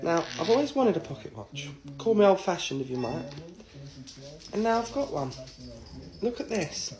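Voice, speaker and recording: A man's voice: high voice, very animated, moderate pace, crowd noise. A man chatting casually to his phone camera, sentimental and jokey. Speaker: TikTok vlogger.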